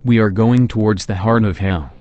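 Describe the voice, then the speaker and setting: A man voicing Jesus as a calm, fatherly guide, speaking gently and solemnly in a scripted reading. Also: on the low side, normal speed, dry recording, muffled recording, soft background music, lightly acted.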